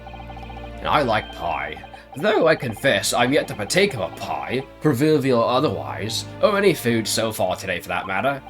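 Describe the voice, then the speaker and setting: A man voicing a pompous, eccentric gentleman detective in a game, with flowery, self-assured speech. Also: mid-range voice, sing-song, moderate pace, faint music behind. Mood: grandiose. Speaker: game streamer reading dialogue.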